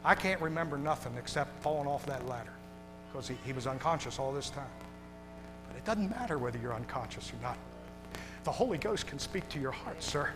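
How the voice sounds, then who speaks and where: A male pastor preaching a sermon to his congregation, moving from hushed, tender passages to loud shouting. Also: medium pitch, expressive, a little fast. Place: church sanctuary. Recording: long hall reverb with music behind.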